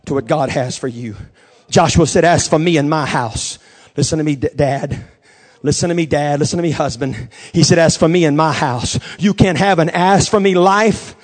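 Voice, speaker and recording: A man pastor preaching a sermon, moving from quiet storytelling to shouted, fervent declarations. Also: on the high side, moderate pace.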